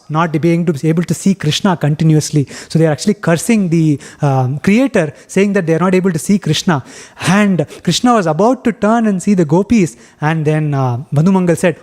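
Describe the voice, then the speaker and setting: Man, fairly high voice, devotional class speaker, halting storytelling. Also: darkish tone. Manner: halting, many fillers and restarts.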